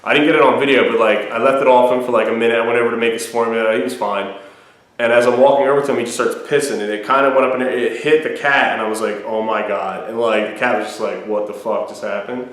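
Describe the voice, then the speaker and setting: A man's voice: mid-range voice, steady tone, quick pace, fairly bright tone. A young man, a new father and host, rambling casually and swearing freely while chatting with his mother on the phone. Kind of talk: casual family phone chat. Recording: very echoey room.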